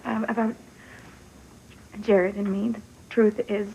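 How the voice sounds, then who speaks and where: A woman's voice: mid-range voice, level tone, slow, gravelly, dark tone, a little hiss or hum, rough recording. An actress playing an anxious young woman who pleads and stumbles over her words. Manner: pleading and flustered. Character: anxious young woman caught between two men.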